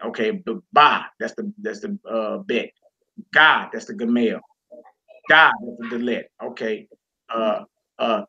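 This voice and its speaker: A man's voice: mid-range voice, pushed and bright, slightly rough, muffled recording. A man teaching a class from a Hebrew textbook, reading passages aloud and explaining them with casual, folksy asides to the listeners.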